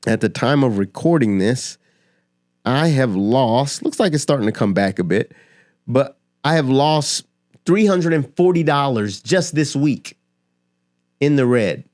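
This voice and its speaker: A man with a voice of ordinary pitch speaks straight to his audience in a motivational talk. He is emphatic and persuasive, stacking rhetorical questions and repeating phrases to drive his points home. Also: lively intonation, takes it slowly, long pauses, a little mellow. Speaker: finance and motivation creator. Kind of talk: direct-to-camera motivational talk.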